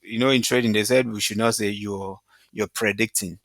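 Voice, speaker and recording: A man's voice: on the low side, steady tone, moderate pace, gravelly, fairly bright tone, no room sound. A young man teaching trading basics in a casual tutorial, checking in with "right?" and plain examples. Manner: explains with repeated "right?" checks and everyday examples. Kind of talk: casual tutorial talk over slides.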